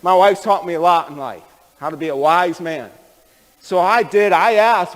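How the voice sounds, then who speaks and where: A man's voice: sits high, moderate pace, long reverb tail, low-quality recording. A man preaching a sermon, telling stories in a folksy, conversational way and speaking directly to the men in the room. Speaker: pastor. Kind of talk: sermon storytelling.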